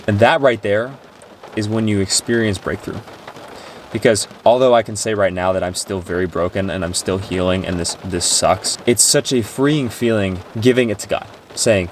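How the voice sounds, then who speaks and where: A man's voice: on the low side, moderate pace, slight background noise. A man talking earnestly and emotionally to camera about his faith, rambling with restarts and sounding tearful. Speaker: Christian vlogger. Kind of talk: personal faith talk to camera.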